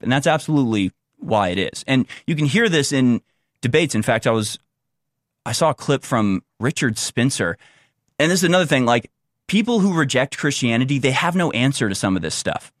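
A young male political commentator with a medium-pitched, very animated voice rambles through an unscripted monologue at a slightly fast clip. He keeps restarting sentences, uses many fillers, and sarcastically mocks the views he quotes. The recording is dry and studio quality.

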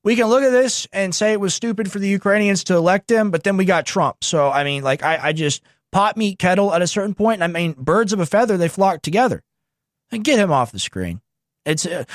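A man hosting a show, reacting to news clips with sarcastic, mocking political commentary and telling the producer when to pause. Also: high voice, expressive, no echo, clean studio sound.

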